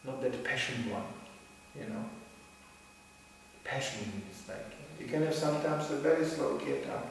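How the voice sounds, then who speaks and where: A man telling lively stories in a talk, acting out voices and laughing often. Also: medium pitch, unhurried, slight background noise. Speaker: speaker at a religious gathering. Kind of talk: storytelling talk. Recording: echoey hall, voice from far off.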